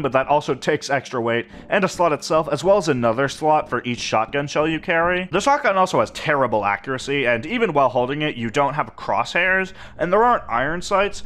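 A man's voice: brisk, hardly any pauses. A young man narrating his gameplay in a dry, wry commentary voice. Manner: dry, wry narration with lively shifts in pitch. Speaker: gaming YouTuber.

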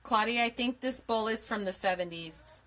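Streaming live from her home desk, a woman in her forties hosts a craft tutorial in a slightly high, pushed, bright voice at normal speed. She rambles cheerfully, laughs a lot, and greets viewers by name, picked up by a camera mic on the desk.

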